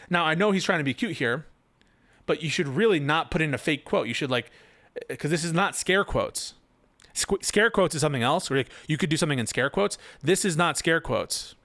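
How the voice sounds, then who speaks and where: A male commentator reacts to a written post, firing off incredulous, sarcastic rebuttals. His voice sits a little high. The sound is dry, with no room echo. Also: fairly bright tone. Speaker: political commentator.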